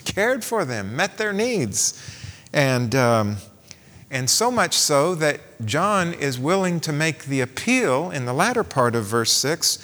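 A man's voice: on the high side, big pitch swings, slow pace, a bit bright, long reverb tail. A man preaching a sermon, posing rhetorical questions and reading scripture aloud.

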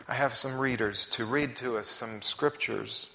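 A man preaching a sermon in a church, dramatic, dropping to whispers and rising to loud emphasis. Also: medium pitch, moderate pace, gravelly, few pauses. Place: church sanctuary. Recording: long reverb of a large hall.

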